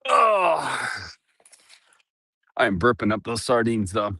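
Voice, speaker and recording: A middle-aged man chats casually into an earbud mic as he walks around his ranch outdoors for a vlog, laughing often and cooing at his dogs. His voice sits on the low side, slightly bright, at a measured pace, and the recording is dry.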